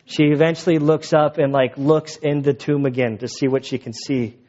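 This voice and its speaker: Casual storytelling preacher, dull recording. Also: male voice, a little high, flat delivery, normal speed, darkish tone. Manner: casual, conversational storytelling with asides. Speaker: pastor. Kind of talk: sermon.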